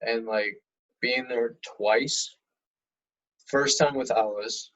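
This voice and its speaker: A man's voice: medium pitch, slow pace, low-quality recording. A young man chatting casually and jokily about old memories. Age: young adult. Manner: laid-back, jokey, animated when retelling. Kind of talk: casual reminiscing chat.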